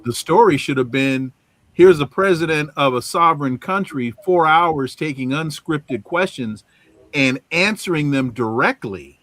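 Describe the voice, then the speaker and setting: A man hosting a podcast panel, moderating and turning to his guests in a halting way. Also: on the high side, animated, fairly bright tone, no room sound. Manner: halting, restarts often when turning to guests. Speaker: podcast host.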